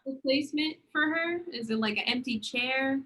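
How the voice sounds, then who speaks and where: Young woman, casual podcast chat, bright tense voice, slightly high, animated storyteller. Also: moderate pace, rough recording. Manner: animated storyteller, acts out quoted lines. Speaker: podcast co-host.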